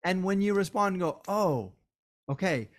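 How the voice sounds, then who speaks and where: A man's voice: high-pitched, expressive, normal speed. A man hosting a solo podcast, tired and worn down, talking with passion and repeating phrases for emphasis. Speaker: podcast host.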